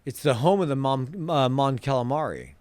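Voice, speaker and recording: A man co-hosting a podcast, joking and riffing with quick put-on voices in casual chat. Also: medium pitch, lively intonation, a little mellow. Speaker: podcast co-host.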